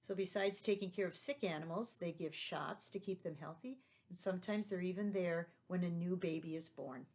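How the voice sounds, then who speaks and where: A woman's voice: lowish voice, moderate pace, few pauses, a little mellow. A woman teaching a remote lesson to young children, patient and leading them along with tag questions.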